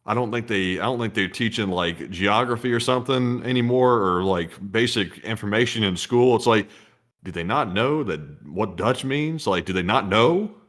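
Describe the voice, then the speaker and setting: A man's voice: on the low side, normal speed, a bit bright. A man co-hosting a casual news commentary stream, reading viewer donations in a wry, conversational way.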